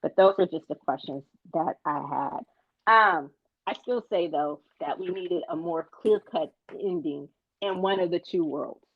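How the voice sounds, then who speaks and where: A woman's voice: on the low side, no room sound, narrow, tinny audio. Woman, co-host, casual chat, stumbles on words, dry close sound. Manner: chatty, stumbles over words. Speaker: podcast co-host.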